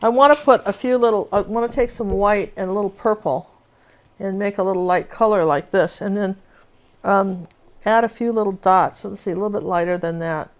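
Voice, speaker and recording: Working through a live painting lesson, this woman talks a little fast in a mid-range voice. She's a chatty instructor who rambles through stories and drifts into plenty of asides.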